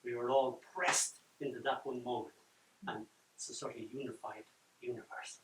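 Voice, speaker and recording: An older man reading his poems at a launch, dramatic, swinging from loud lines down to near-whispers. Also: fairly high pitch. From Ireland. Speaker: poet. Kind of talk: live poetry reading with chat. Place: event room at a book launch. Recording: roomy echo from far off.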